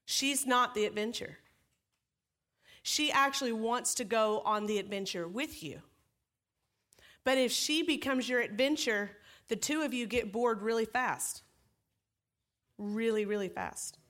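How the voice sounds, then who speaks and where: Brief: woman pastor with a bright, highish voice, preaching casually with self-deprecating humor. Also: unhurried, pauses often. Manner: lively, joking, self-deprecating storytelling. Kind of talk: conversational sermon.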